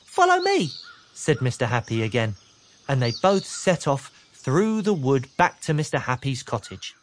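A woman narrating a children's storybook in a slow, playful reading voice. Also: rumbling low, expressive, a little hiss or hum.

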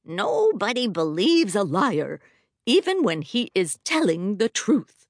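Mrs. Emerson, a woman as a lively storytelling librarian. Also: mid-range voice, slow, no echo, clean studio sound, exaggerated voice. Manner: expressive, dramatic storytelling. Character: warm school librarian reading a fable aloud. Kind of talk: reading a story aloud to children.

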